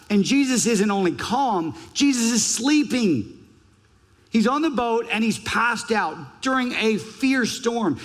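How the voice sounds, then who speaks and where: A man preaching a sermon as pastor, emphatic, ranging from raised urgency to hushed scripture reading. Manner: emphatic, varies pitch and pace widely, drops to a hush for scripture. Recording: long church hall reverb.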